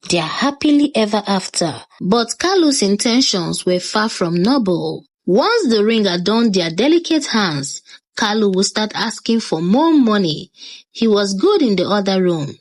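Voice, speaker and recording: A woman narrating a scripted story with dramatic, expressive delivery. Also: medium pitch.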